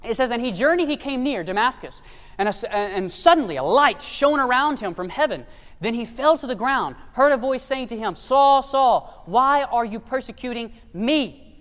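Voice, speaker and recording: Brief: male preacher, very high voice, emphatic, quizzes the congregation, long hall reverb. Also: animated, brisk, fairly bright tone. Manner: emphatic, rhetorical questions to the congregation. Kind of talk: sermon.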